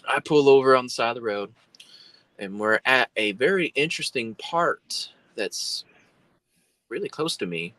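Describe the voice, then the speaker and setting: A man telling a story as a guest in a casual, animated way. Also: medium pitch, normal speed, no echo, rough recording.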